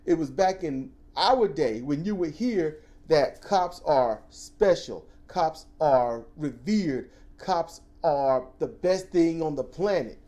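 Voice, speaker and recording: An animated man co-hosting a casual discussion, his pitch swooping widely as he rants and tells stories. His voice is dark and mellow, and he jumps into loud, mocking impressions of the people he quotes. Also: slow pace, hardly any pauses. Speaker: podcast co-host.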